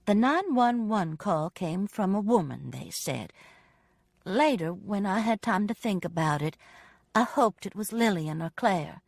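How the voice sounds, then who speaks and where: A woman narrating a first-person audiobook with expressive, dramatic storytelling. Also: medium pitch, unhurried, vocal fry, no room sound.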